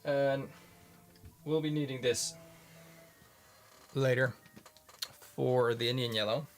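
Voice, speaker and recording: A man casually commenting in his studio as he looks at his handmade pigments, halting and restarting often. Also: medium pitch, fairly even intonation, faint music behind. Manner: rambling, halting, many restarts. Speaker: pigment maker filming his studio work. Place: home studio.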